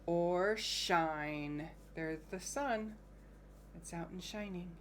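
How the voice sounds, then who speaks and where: A woman reading a picture book aloud to young children, gently stopping to point out the pictures and ask questions. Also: on the low side, very slow, slight background noise. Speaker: home-school teacher.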